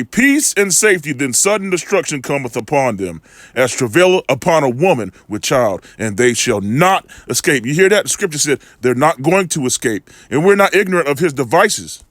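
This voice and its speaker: A man's voice: a little high, a bit bright, no echo. A man reading Bible verses aloud and commenting on them with earnest stress. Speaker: scripture reader. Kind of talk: reading and discussing scripture.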